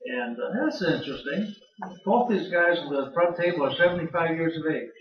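Older male host, halting, filler-heavy introduction; dull, distant recording. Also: fairly high pitch, expressive. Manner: rambling, hesitant, many fillers. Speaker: event host. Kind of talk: introducing a speaker. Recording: roomy hall, distant mic, dull sound.

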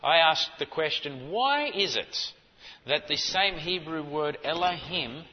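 A man preaching a sermon, teaching in an emphatic way and rising to forceful stresses. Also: fairly high pitch, lively intonation, slow. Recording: dull audio with long hall reverb.

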